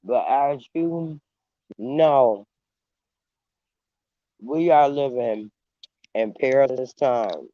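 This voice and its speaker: A man hosting a casual livestream, talking slowly with long pauses and eating as he speaks. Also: medium pitch, no room sound, muffled recording. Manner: unhurried, pausing, eating while talking. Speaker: channel host. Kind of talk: slow casual livestream chat.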